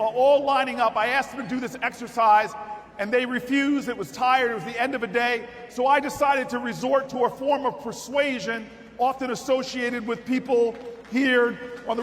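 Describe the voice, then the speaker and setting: High-voiced man shouting a convention speech. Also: steady tone, normal speed. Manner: storytelling, building to shouted repeated calls. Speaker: political speaker at a party convention. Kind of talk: rousing political speech. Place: large convention hall with audience. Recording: echoey hall with crowd noise.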